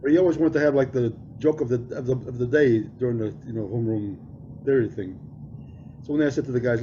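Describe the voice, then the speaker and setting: Mellow, laid-back man telling stories. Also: mid-range voice, fast talker. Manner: laid-back, chuckling storyteller. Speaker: podcast co-host. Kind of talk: casual chat. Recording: muffled lo-fi with faint hiss.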